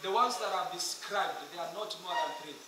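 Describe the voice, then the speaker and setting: A man with a Kenyan accent preaching an altar call in a large hall, pleading and urgent, rising at times to shouts. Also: sits high, brisk, noisy background. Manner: urgent, pleading, switching between English and Swahili, swelling to shouts. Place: large echoing hall at a school meeting. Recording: echoey hall from far off with music.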